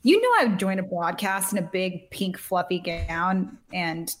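A woman hosting a sports podcast in casual back-and-forth chat. She sounds bubbly and playful, tossing in quick asides as she talks. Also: on the low side. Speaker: podcast host.

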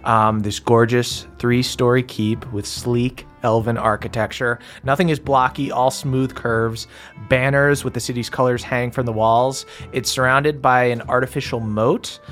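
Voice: mid-range voice, fairly even intonation, unhurried, faint music behind. A game master narrating a tabletop game in a rambling way with lots of fillers.

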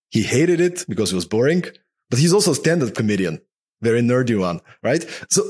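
A talkative, animated man speaking as a podcast guest in casual interview talk, often dropping "man" into his sentences. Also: mid-range voice, slightly rough.

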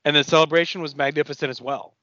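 A man's voice: on the high side, steady tone, quick pace, pushed and bright, no room sound, highs cut off. A man co-hosting a podcast in casual chat, enthusiastic and rambling. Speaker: podcast co-host.

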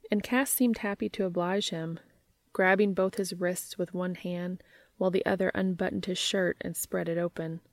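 A woman reading a story aloud in steady, measured narration. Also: on the low side, no echo. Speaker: reader.

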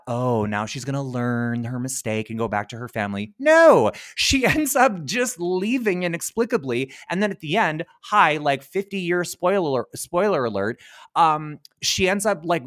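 A man co-hosting a podcast in casual chat about an old film. He talks in a medium-pitched voice and gets animated, swearing and mocking scenes as he retells them. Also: normal speed, no room sound, studio quality. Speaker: podcast co-host.

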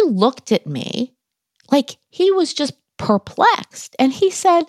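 A woman's voice: high voice, expressive, takes it slowly, no room sound, studio quality. A woman guest in an interview, telling a personal story in a candid, conversational way with wry humor.

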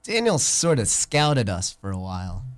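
A man of middle pitch talking about his band in a casual interview. He slips in deadpan jokes and offhand asides while explaining plans. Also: moderate pace. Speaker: band member.

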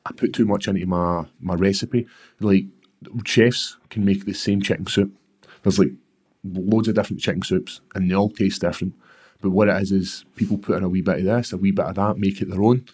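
Deep-voiced blunt Scottish man. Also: a little mellow, breathy edge. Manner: blunt and plain-spoken, swears freely. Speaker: professional fighter, guest. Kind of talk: candid storytelling in conversation.

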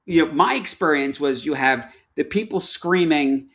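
Uomo che divaga, pieno di intercalari. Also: male voice, a little high, normal speed, a bit bright. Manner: rambling, many fillers. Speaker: podcast guest. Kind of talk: casual movie review chat.

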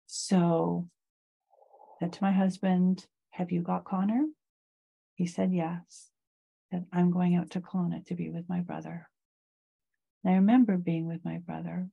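A middle-aged woman, a guest in an interview, slowly and reflectively telling a personal story of loss. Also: fairly low pitch, little pitch movement, gravelly, mellow, breathy edge, highs cut off.

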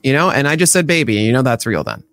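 A man's voice: medium pitch, big pitch swings, very fast, a bit bright, dry recording. A man co-hosting a casual baseball podcast, playful and teasing, rambling through his picks. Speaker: podcast co-host.

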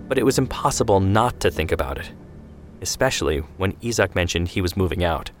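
A man reading a scripted family story in an even, measured way. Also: low voice, soft background music. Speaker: narrator.

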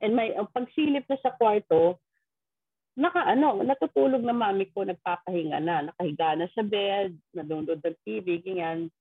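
A woman's voice: mid-range voice, a little fast, slightly rough, no echo. A middle-aged Filipino woman in casual chat, mixing English and Tagalog as she tells a ghost story and acts out quoted voices. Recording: tinny phone-like line.

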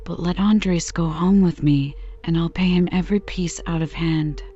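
A woman voicing a sly male country farmer who speaks submissively, in a soft bedtime reading. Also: lowish voice, steady tone, moderate pace, muffled recording, close to an everyday voice. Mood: wheedling. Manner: submissive, wheedling.

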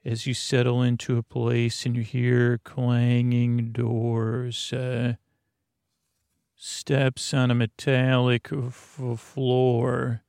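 A man hosting a podcast who tells improvised comic stories with a creaky voice in a slow drawl full of fillers. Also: mid-range voice, completely flat delivery, darkish tone, no room sound, clean studio sound. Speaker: podcast host.

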